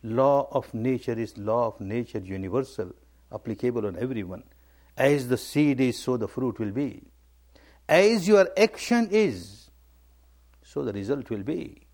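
A man's voice: mid-range voice, animated, a little slow, darkish tone. A man giving a spiritual talk, emphatic and repetitive, stressing key words. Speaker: meditation teacher. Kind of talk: dharma talk.

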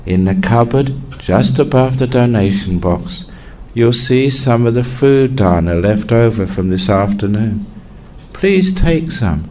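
A man voicing a kind, gentle elderly abbot of a monastery who speaks softly and slowly. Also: mid-range voice, expressive, slight background noise, rough recording. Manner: soft, slow and kindly.

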